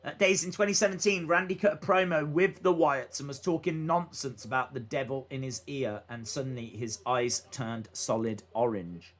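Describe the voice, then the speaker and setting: A man's voice: mid-range voice, moderate pace, few pauses, fairly bright tone. A young man livestreaming a watch-along, calling wrestling moves and reading viewer chat in a casual way, full of "uh" fillers. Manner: casual, frequent "uh" fillers, reads chat aloud. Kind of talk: live play-by-play wrestling commentary.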